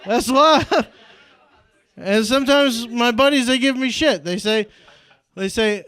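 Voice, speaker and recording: High-voiced young man doing stand-up. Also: unhurried, a bit bright, no echo. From Indiana, US. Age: young adult. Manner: fills with "like" and "right?", laughs at own jokes. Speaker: stand-up comedian. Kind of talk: stand-up comedy set. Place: comedy club stage.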